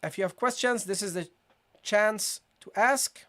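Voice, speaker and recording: A man teaching Quran recitation in a live online lesson. He is emphatic, repeats his words for stress and keeps calling his students "guys", slowing down to demonstrate how a passage is recited. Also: sits high, a bit bright. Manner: breaks into slow demonstration recitation.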